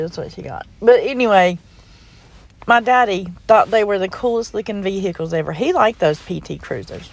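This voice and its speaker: Chatty middle-aged woman telling a story. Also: mid-range voice. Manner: chatty, rambling, folksy, heartfelt. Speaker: crafting vlogger. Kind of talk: casual voice-over storytelling.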